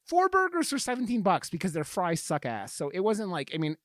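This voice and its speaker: A man hosting a podcast in casual chat, swearing often and rambling with animated outbursts. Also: high voice, a little fast, no room sound, studio quality. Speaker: podcast host.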